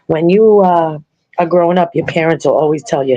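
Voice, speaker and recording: An older woman hosts a podcast in a casual, rambling way, often breaking into laughter. Her voice sits a little low for a woman. She chats loosely with listeners as a grandmother would. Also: fairly quick, warm tone, lo-fi sound. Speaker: podcast host. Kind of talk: casual chat.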